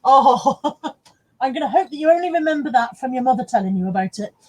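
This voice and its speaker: A woman's voice: high voice, lively intonation, brisk. A middle-aged woman hosting a casual live stream, chatting to viewers, laughing often and swearing freely. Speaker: live-stream host reading viewer comments.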